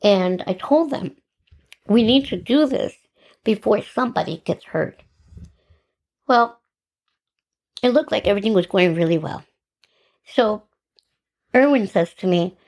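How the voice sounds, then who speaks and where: A middle-aged woman hosting a podcast, telling her own story in an animated, sarcastic way and acting out the dialogue. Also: mid-range voice, measured pace, long pauses. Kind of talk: personal storytelling monologue.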